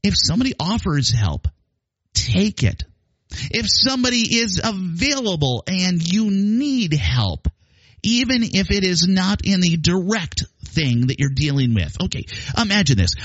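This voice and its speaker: A man hosting a podcast, talking in a chatty, animated storytelling way with frequent restarts. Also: on the high side, dry recording. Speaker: podcast host. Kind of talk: casual spoken monologue. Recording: dull lo-fi dry sound.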